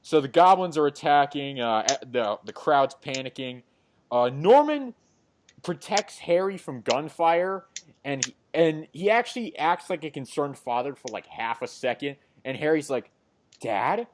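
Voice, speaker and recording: A man's voice: a little high, sing-song, moderate pace, a little hiss or hum. A man hosting a casual comic book podcast, recapping an issue with many fillers and acted-out quotes. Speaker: podcast host.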